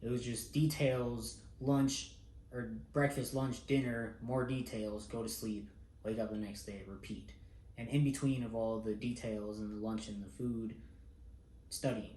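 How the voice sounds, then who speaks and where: A man's voice: mid-range voice, darkish tone. A young man casually recounting a personal story, laid-back and self-mocking, swearing freely. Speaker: vlogger. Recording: roomy echo.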